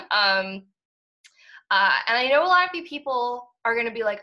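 A woman's voice: on the high side, big pitch swings, a little fast, sharp tone, low-quality recording. A young woman from the Boston area co-hosting a podcast, chatting casually, emphatic and laughing often. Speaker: podcast co-host.

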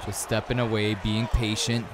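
A man casually commentating his own fighting game match, chatty and excitable, laughing often and talking to viewers. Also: lowish voice, moderate pace, crowd noise. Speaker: gaming commentator.

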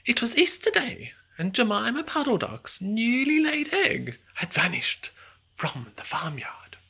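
A storybook reader narrates a children's tale aloud in a slow, expressive way, often dropping to a whisper. The voice is bright yet gravelly and breathy, rising and falling widely. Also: mid-range voice.

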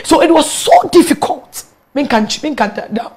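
A woman with a Ghanaian accent, a guest telling her own story in an interview, animated and quick to laugh, mixing local words into her English. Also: high voice. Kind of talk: candid personal storytelling in an interview.

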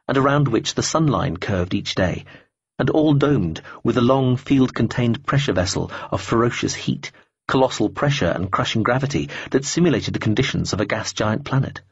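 Husky-voiced male audiobook narrator. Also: mid-range voice, no room sound, muffled recording. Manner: measured, even reading with vivid description.

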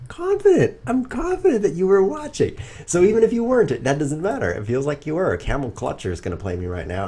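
A man commentating his own chess games on a stream, goofy and self-mocking, talking to viewers and swinging from excited outbursts to quiet mutters. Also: husky. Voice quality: animated, jumps high when excited, drops to mutters. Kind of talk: casual live commentary while playing. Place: home room. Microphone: streaming setup.

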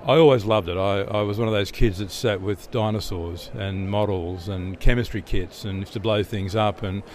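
A man's voice: on the low side, fairly even intonation, moderate pace, a little hiss or hum. A middle-aged Australian man, an interview guest telling stories in a chatty way, often restarting and repeating words. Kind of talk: relaxed storytelling answers.

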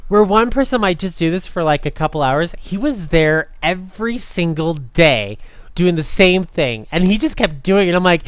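Male podcast host, chatty and animated, resonant tone, dry studio sound. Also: high-pitched, normal speed, smooth, no echo. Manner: animated, laughing often, many fillers. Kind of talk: casual storytelling chat.

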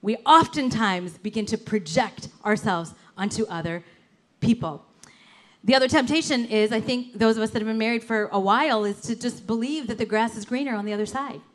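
Woman pastor, high voice, animated sermon, chatty storytelling, casual fillers. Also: fairly quick. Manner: animated, conversational, lots of "like" and "you know".

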